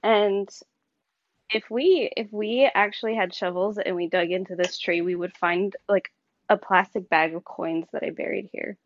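A woman's voice: medium pitch, normal speed, no echo, lo-fi sound. A woman in her thirties, a guest in a casual chat, rambling through a story with plenty of fillers and giggles. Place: on her bed.

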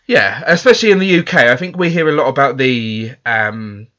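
A man from England hosts a casual podcast chat with a bright, lively tone. He talks in loose, self-deprecating asides and fills gaps with ums and restarts. The sound is dull and lo-fi. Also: mid-range voice, a little fast. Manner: chatty, self-deprecating, many fillers. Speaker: podcast host.

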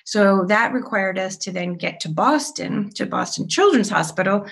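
A woman's voice: medium pitch, expressive, normal speed, gravelly, fairly bright tone. Chatty woman telling her story. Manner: candid and chatty, with frequent fillers and small laughs. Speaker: podcast guest.

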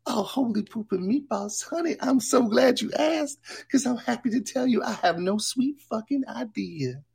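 A brash, campy woman producer, put on by a man on a livestream, with a high teasing falsetto. The voice swoops and jumps about lively, with a gravelly, husky edge to it. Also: moderate pace, exaggerated voice. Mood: campy sassy. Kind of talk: livestream character bit.

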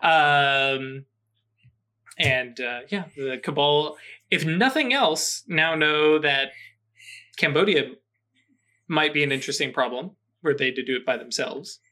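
A man hosting a tabletop role-playing show, his voice sitting a bit high and sounding bright and forceful. He rambles through his sign-off with plenty of fillers and the odd chuckle. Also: slow pace. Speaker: game master and host. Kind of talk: tabletop game wrap-up chat.

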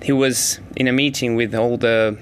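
A man's voice: medium pitch, steady tone, moderate pace, slight background noise. A man telling an anecdote in an interview, stumbling and repeating words.

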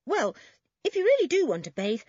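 A woman voicing a cheeky, teasing boy who brags eagerly in a lively way. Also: sits high, fairly quick, no room sound, muffled recording, voice pushed up. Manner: lively, bragging.

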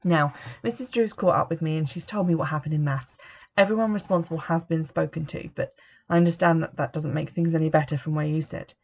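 A woman voicing an older female form tutor who talks calmly and patiently. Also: low-pitched, brisk, vocal fry. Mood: gentle. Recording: dull lo-fi recording.

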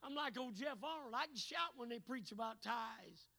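Revival preacher, man, very high bright voice, hushed asides then shouting. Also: expressive, moderate pace, vocal fry, poor audio. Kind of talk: revival sermon.

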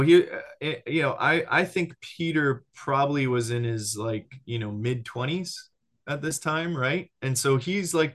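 A man talks through discipleship in a loose, conversational teaching style. He is animated, restarts his sentences often and keeps checking in with his listener. His voice sits at an ordinary middle pitch. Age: adult with a child. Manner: animated, lots of restarts and "right?" check-ins.

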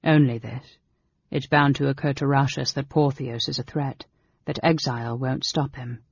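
A man voicing a cool, sly male dark elf wizard in an audiobook, speaking softly, low and offhand. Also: steady tone, moderate pace, creaky, husky, no echo. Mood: sly, calm. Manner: coolly offhand, knowing. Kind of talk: audiobook character reading. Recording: dull lo-fi recording.

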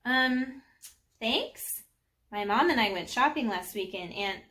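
A woman's voice: fairly high pitch, expressive, slow, pushed and bright, full character voice. A woman voicing a shy, hurt young schoolgirl in a storybook read-aloud, speaking earnestly a little above her own voice. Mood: dismayed.

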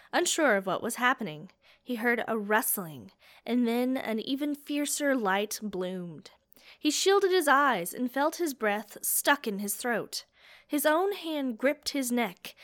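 Woman audiobook narrator, unhurried, dramatic fantasy reading. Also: a little high, fairly bright tone. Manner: slow, measured and dramatic.

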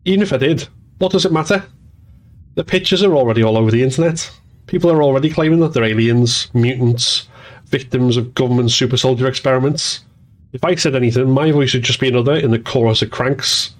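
A woman's voice: low voice, brisk, hardly any pauses, voice pushed up, lightly acted. A man reading an audiobook, voicing a frightened young woman who speaks in a shaky, pleading rush. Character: distressed young woman demanding answers.

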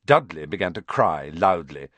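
A man narrates a storybook in an expressive, measured reading. His somewhat low voice moves with lively pitch. The recording is close and dry. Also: dry recording. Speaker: audiobook narrator.

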